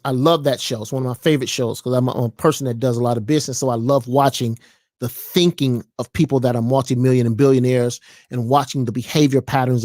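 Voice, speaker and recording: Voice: mid-range voice, no room sound, studio quality. A vlogger ranting in a preachy, mocking way, often asking the audience questions. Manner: animated, preachy, mocking, jumps between voices. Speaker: commentary vlogger. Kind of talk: ranting commentary vlog.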